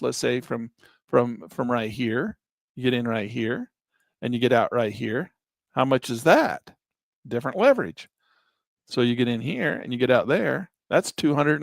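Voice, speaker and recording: A middle-aged man giving a chatty screen-share lesson on day trading, calm in his explanations but now and then breaking into excited exclamations. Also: mid-range voice, gravelly, no room sound.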